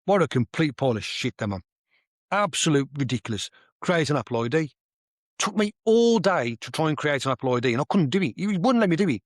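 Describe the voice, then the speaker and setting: A man's voice: a little high, no echo. Sweary ranting man, dry mic. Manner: swears freely, rambling and animated. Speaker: podcast host. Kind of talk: casual rant.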